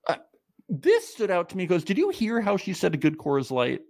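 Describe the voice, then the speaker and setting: A man co-hosting a podcast in casual chat, animated, exasperated and profane. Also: sits high, normal speed. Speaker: podcast co-host.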